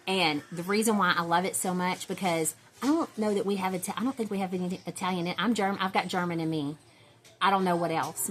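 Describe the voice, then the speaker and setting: A woman's voice: on the low side, a bit bright, a little hiss or hum. Rambling woman vlogger. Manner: rambling, chatty, full of fillers and restarts. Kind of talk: casual chat to viewers.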